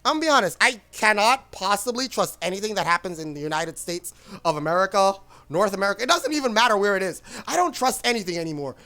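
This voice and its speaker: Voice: medium pitch, lively intonation, fast, bright, forceful tone, soft background music. A streamer in a casual livestream rant, rambling and blunt, with frequent swearing.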